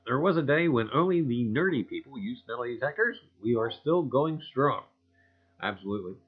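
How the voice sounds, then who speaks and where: A man's voice: mid-range voice, animated, a little fast, breathy edge, phone-quality sound. A man hosting a casual livestream chat, reading viewer comments in a folksy way and chuckling often. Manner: folksy, chuckling, repeats "I tell you".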